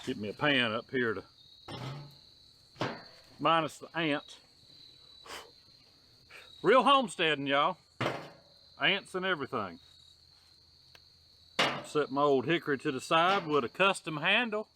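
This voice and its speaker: A man's voice: a little high, big pitch swings, a little slow, long pauses, background noise. A man hosting a casual outdoor cooking vlog, talking in a folksy, drawling way and saying y'all a lot. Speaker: homestead vlogger. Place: outdoors on a rural homestead.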